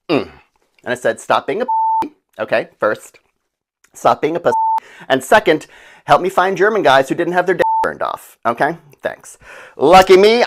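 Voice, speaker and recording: A man's voice: high voice, a bit bright. A man playing a brash, chatty woman named Gladys, telling her disaster story as a breezy, flippant comedic monologue.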